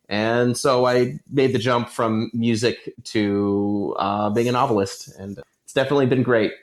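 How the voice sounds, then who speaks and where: A man in his thirties, a novelist and musician, chatting in an interview and telling lively stories with frequent laughs. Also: medium pitch, moderate pace. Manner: animated storyteller, laughs often. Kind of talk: casual conversational interview.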